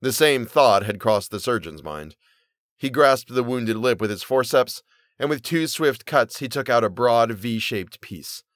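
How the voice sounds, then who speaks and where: A man reading a Victorian short story aloud as storyteller, in steady, measured narration. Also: medium pitch, no room sound, clean studio sound.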